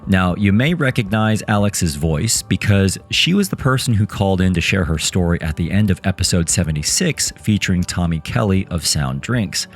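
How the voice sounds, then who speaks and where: A man's voice: sits low, expressive, moderate pace, hardly any pauses, soft background music. A man hosting a career podcast, reading a polished, upbeat intro and then interviewing his guest. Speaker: podcast host.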